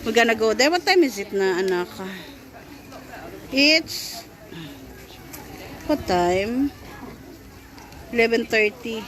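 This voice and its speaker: A woman with a Filipino accent, the mother filming, chats casually with her small child at a crowded outdoor zoo, coaxing in a sing-song way. Her fairly high, a bit bright voice is animated but slow, pausing often amid the zoo's crowd noise.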